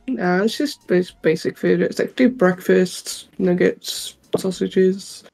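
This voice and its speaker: A woman's voice: fairly low pitch, takes it slowly, creaky, faint music behind. A laid-back British woman, a guest player, chatting casually over voice chat while gaming. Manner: laid-back, drawling, laughs softly.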